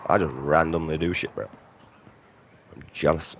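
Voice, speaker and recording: The British gaming streamer, in his thirties, rants with plenty of swearing over his gameplay in a creaky bass voice, keeping a steady tone at a moderate pace. A bit of background noise sits under him.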